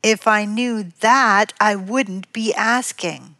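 A woman's voice: medium pitch, slow, pushed and bright, no room sound. A woman voicing a whining, sneering young boy in a parenting example.

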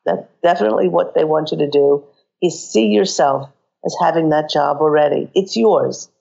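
Croaky woman giving psychic readings. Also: deep voice, moderate pace, mellow, muffled recording. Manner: earnest, repeats and restarts, guides listeners through exercises. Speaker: psychic reader on a call-in show. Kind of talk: radio call-in reading.

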